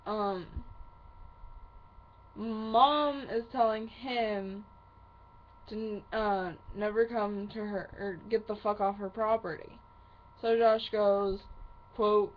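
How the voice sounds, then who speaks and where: A woman vlogger venting angrily to the camera, swearing heavily in halting, drawn-out phrases. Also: medium pitch, muffled recording. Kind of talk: angry venting monologue to camera.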